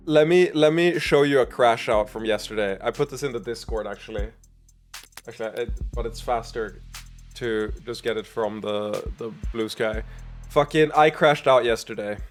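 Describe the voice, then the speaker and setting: A man streaming a video game, chatting casually, swearing a lot and reading game text aloud. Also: medium pitch.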